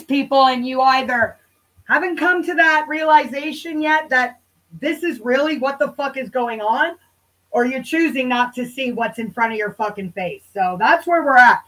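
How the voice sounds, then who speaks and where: A woman's voice: high-pitched, fairly bright tone, rough recording. A woman hosting a casual commentary stream, sarcastic and swearing often, rambling and talking straight to her viewers. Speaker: channel host.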